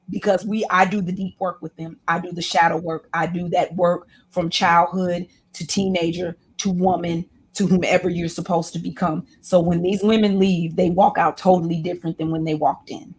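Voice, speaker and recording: A woman's voice: fairly low pitch, fairly even intonation, normal speed, slight background noise. Impassioned woman with a preacherly flow. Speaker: guest, women's class leader. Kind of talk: candid interview talk.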